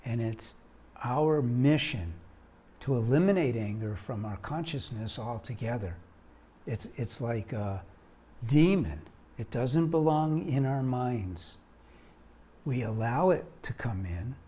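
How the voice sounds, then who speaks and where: A man's voice: mid-range voice, takes it slowly, breathy edge. A man who founded a marriage organization, giving earnest, emphatic advice straight to the viewer. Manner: earnest, emphatic, rising into animated urging. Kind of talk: direct-to-camera advice talk.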